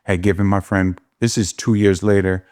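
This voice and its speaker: A man appears as an interview guest, telling his life story candidly and emphatically until he grows emotional, near tears. His low-pitched voice is steady, at a normal speed, with a darkish tone.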